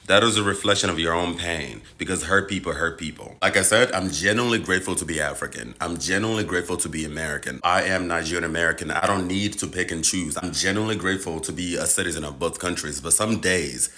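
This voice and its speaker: A man's voice: low-pitched, sharp tone. A man delivering an impassioned, profane rant straight to his audience. He hammers the same points over and over with heavy emphasis. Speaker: social media commentator. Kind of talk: impassioned direct-to-camera rant.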